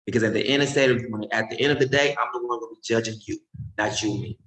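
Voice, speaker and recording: A man's voice: medium pitch, fairly even intonation, fast talker, fairly bright tone. Emphatic, mocking preacher man. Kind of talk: animated sermon-style commentary. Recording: roomy echo.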